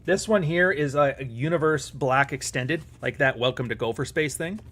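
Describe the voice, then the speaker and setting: A man's voice: mid-range voice, normal speed, fairly bright tone. A man hosting a live stream, chatting casually in a profane, sarcastic and rambling way.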